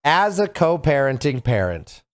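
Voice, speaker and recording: Male podcast host, slightly high voice, earnest, reflective, advice-giving, video call. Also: very animated, a little slow. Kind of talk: casual podcast chat.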